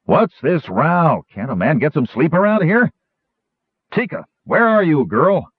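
A man voicing a grumpy old male innkeeper who scolds loudly. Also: mid-range voice, sing-song, normal speed, breathy edge, no echo. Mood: scolding. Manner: loud, growling scolding. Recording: tinny phone-like audiobook recording.

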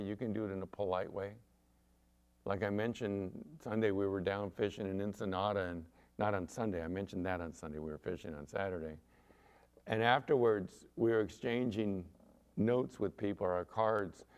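A middle-aged pastor delivering a lively sermon with a somewhat low male voice. He tells stories, acts out the people in them, and swings from soft asides to loud emphatic points. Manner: animated storytelling preacher, acts out quoted voices.

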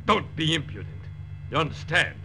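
An actor playing a humorless checkpoint guard who speaks curtly and commandingly in a 1940s-style radio drama. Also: male voice, mid-range voice, expressive, a little slow, a bit bright, a little hiss or hum. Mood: stern. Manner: curt and commanding. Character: stern male border guard, humorless.

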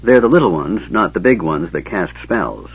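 A man voicing a curious, hyperactive male kender who chatters excitedly. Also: sits low, husky, full character voice. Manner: rapid excited chatter, breaks into giggles. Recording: dull lo-fi tape, dry.

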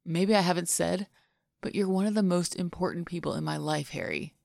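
A woman's voice: lowish voice, brisk, vocal fry, darkish tone, no room sound, studio quality. Woman reading as a teasing, fond young man. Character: teasing, fond adult man, a sly charmer. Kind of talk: podfic reading of fan fiction.

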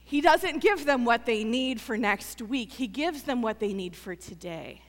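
A woman's voice: fairly high pitch, lively intonation, a little slow. Pastor woman preaching in a reverberant hall. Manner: earnest, building to emphatic repetition then dropping soft. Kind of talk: sermon.

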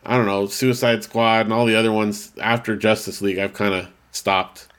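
A man's voice: lowish voice, flat delivery, normal speed, a bit bright, clear, resonant tone. A man co-hosting a casual podcast, rambling and correcting himself as he reads out listener mail. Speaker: podcast co-host. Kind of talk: casual chat.

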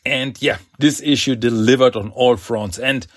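A man's voice: medium pitch, normal speed, no echo. Enthusiastic man reviewing comics, dry sound. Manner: enthusiastic, chatty, laughs often. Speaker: podcast host. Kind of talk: casual comic book review.

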